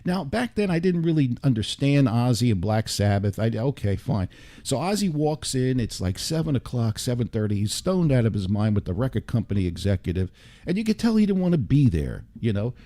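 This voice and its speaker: An older man with a warm, low-lit tone sits in a radio studio as a guest. He tells his stories in an animated way, full of quick asides and restarts. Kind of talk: storytelling interview chat.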